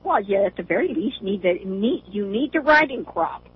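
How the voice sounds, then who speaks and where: An older woman calls in over a tinny, narrow phone line with a faint hiss behind her. She chats in a mid-pitched voice and keeps breaking into laughter. Her talk is loose and friendly. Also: lively intonation, moderate pace. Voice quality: laughs often while talking. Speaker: caller. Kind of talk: casual phone chat.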